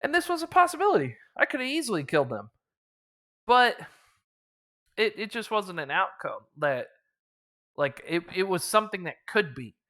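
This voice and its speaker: A man's voice: high voice, big pitch swings, normal speed, pauses often, sharp tone. A man casually recapping a tabletop campaign as its game master, rambling with lots of fillers and chuckles.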